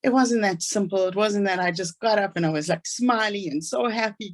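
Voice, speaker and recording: A woman with a South African accent giving an earnest, inspirational talk about her own life. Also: medium pitch. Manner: earnest storytelling, fast asides. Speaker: speaker.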